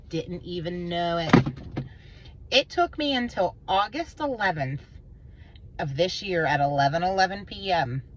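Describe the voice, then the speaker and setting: In a muffled recording, a woman vlogs an intense, rambling personal monologue full of emotion. She swears and her pitch swings between low and high.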